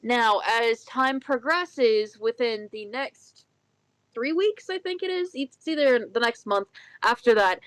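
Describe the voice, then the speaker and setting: A woman's voice: on the high side, animated, slow pace, dry recording, poor audio. A woman co-hosting a casual chat show, rambling and correcting herself, slipping into a put-on Irish lilt. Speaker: podcast co-host.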